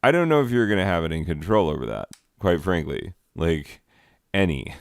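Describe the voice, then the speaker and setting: A man with a low, smooth voice talking slowly through a loose comedy commentary. He rambles and sounds exasperated, leaning on "like" over and over. The sound is close and dry. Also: sing-song, dry recording. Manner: rambling, exasperated, lots of "like" fillers. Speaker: comedy commentator reading slides.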